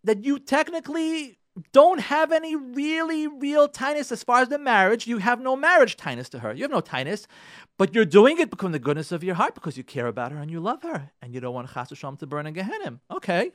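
A man, a rabbi on a radio show, urging his listeners in an impassioned talk, repeating his key points and swinging from loud pressing to soft pleading. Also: very high voice, sing-song, fairly quick, no echo, studio quality.

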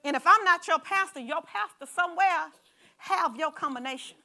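A woman preaching to her congregation, talking in a loose, animated way with asides and stories. Her voice sits high and has a bright ring to it. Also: normal speed, vocal fry. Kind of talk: sermon.

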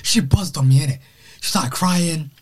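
A young man, telling stories as a podcast guest in excitable, slangy casual chat. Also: a little high, normal speed, breathy edge. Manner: excitable storyteller, slangy, laughs often.

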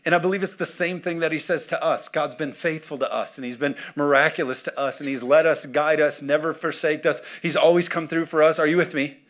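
A man's voice: fairly high pitch, steady tone, fairly quick, few pauses, a bit bright. A man preaching a conversational sermon who keeps checking in with his congregation and asks for responses. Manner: conversational, calls for audience responses. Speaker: pastor.

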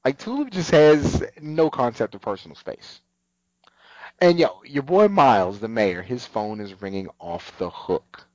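A man's voice: medium pitch, a little slow, dry recording, dull audio. A man co-hosting a casual show, animatedly retelling scenes and acting out lines. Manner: animated retelling, acts out quotes. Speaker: podcast co-host. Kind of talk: casual recap chat.

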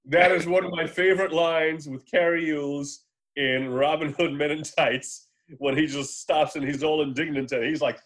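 A man in casual conversation about films, rambling and swearing freely, slipping into quick voices to retell scenes. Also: a little high, fairly even intonation, fairly bright tone. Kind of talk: casual movie chat.

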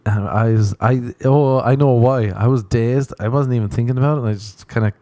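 A man's voice: mid-range voice, fairly quick, warm tone, no echo. A man hosting a podcast, telling rambling, profane, self-mocking stories in a casual comedic monologue. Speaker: podcast host.

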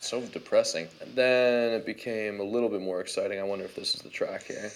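A man's voice: on the low side, steady tone, a little fast, soft background music. A man, a musician and producer, casually walking through how he built his song, chatty and loose with lots of fillers. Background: faint playback of his own track.

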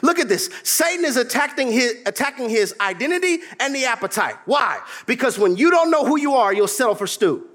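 A man preaching a sermon, mixing humor and mimicry with sudden shouts. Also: very high-pitched, very animated, a little fast, hardly any pauses. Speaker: pastor.

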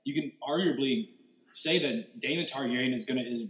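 Male co-host, average pitch, casual stop-start chatter, echoey room. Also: brisk, fairly bright tone. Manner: laughing along, hesitant restarts, slangy. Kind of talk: casual chat.

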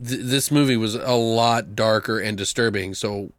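A man hosting a casual chat, retelling a film with swearing, laughs and quotes acted out in high voices. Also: normal speed, no room sound. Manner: animated storyteller, swears freely, acts out quotes in high voices. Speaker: podcast host reviewing a film.

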